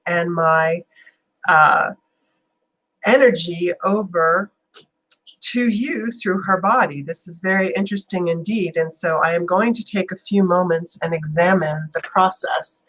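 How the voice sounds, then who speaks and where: A formal, inquisitive inventor's spirit, channeled by a woman speaks in a measured, deliberate way. The voice sits fairly low and stays calm and even. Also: poor audio.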